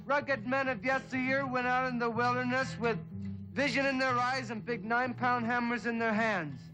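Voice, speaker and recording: A man's voice: very high voice, fairly even intonation, moderate pace, rough recording. A man telling a rambling, dim-witted story in a comedy folk song routine, on a 1960s TV stage. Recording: 1960s TV soundstage with loud guitar and audience.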